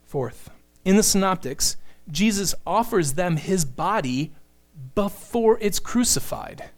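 Man, pastor, sermon, earnest teaching, fairly high voice. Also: lively intonation, takes it slowly. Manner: earnest teaching with acted-out quotes.

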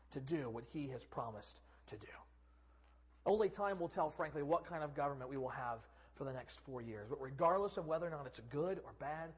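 High-voiced preacher swinging loud to hushed. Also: male voice, breathy edge. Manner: dramatic swings from loud proclamation to hushed near-whisper; acts out quoted speakers. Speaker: pastor. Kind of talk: sermon.

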